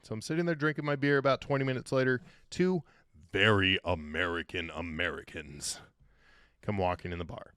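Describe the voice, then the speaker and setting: A man's voice: mid-range voice, fast, few pauses, clear, resonant tone, no echo, studio quality. A man telling a funny story as a podcast guest, swearing and joking casually. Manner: animated, profane, joking.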